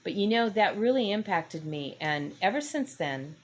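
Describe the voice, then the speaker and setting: A woman's voice: mid-range voice, animated, normal speed. An older woman hosting a casual faith-based talk, telling a story in a rambling, self-correcting way. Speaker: host.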